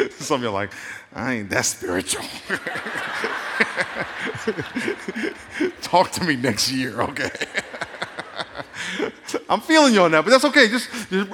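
Man, pastor, lively joking sermon, slightly high voice, long reverb of a large hall. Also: background noise. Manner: animated storytelling with playful jokes.

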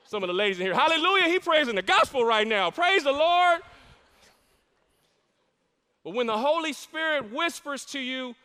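A man's voice: extremely high pitch, animated, moderate pace, long pauses, sharp tone. A middle-aged man preaching a sermon as pastor, with fervent, emphatic delivery and call-and-response with the congregation. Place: large church sanctuary. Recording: long reverb of a large church hall.

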